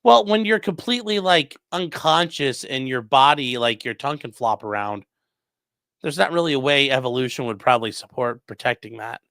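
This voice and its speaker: A man's voice: medium pitch, animated, normal speed, fairly bright tone, no echo, studio quality. A man who is a defense attorney, casually commenting on a livestream and reading chat messages aloud in a loose, profane way.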